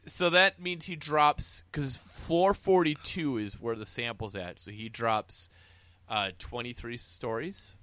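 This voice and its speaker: A man co-hosts a casual movie podcast, telling stories and rambling with fillers as he chats about a film. His mid-range voice is slow and sharp in tone, on a dry recording.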